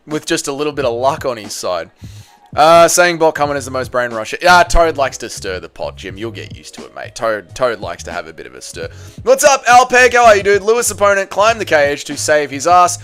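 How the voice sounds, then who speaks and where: An Australian man hosts a live stream, reading viewer comments aloud and firing back in blunt, slangy banter with the odd curse word. His voice sits slightly higher than most men's, and soft music plays faintly in the background. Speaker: MMA live-stream host.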